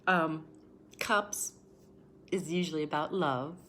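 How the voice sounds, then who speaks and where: During a livestream tarot reading, a woman in her forties speaks slowly in a low-pitched, slightly bright voice. She's emotional, repeats herself and breaks off to greet viewers by name, with a faint hum of room ambience beneath her.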